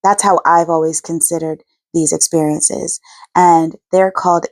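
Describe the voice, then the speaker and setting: A woman's voice: low voice, level tone, normal speed, no room sound. A woman hosting her own channel, chatting earnestly about her spiritual experiences, rambling and correcting herself as she goes. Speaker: channel host. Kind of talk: casual spiritual vlog chat.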